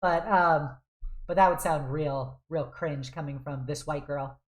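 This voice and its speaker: A woman's voice: low voice, a little slow. A young woman streaming a game, chatting casually in a rambling way and laughing often. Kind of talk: casual chat while gaming. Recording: roomy echo.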